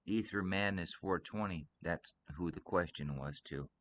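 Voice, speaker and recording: A man's voice: low voice, a little slow, fairly bright tone, slight background noise. A man from Michigan hosting a casual livestream chat, rambling earnestly and teasing his co-host. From Michigan, USA.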